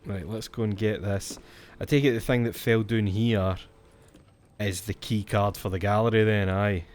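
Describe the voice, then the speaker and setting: A man's voice: fairly low pitch, fairly even intonation, normal speed, darkish tone, a little hiss or hum. A Scottish man chatting casually as he streams a horror game, jumpy and swearing when something startles him. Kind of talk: let's-play commentary.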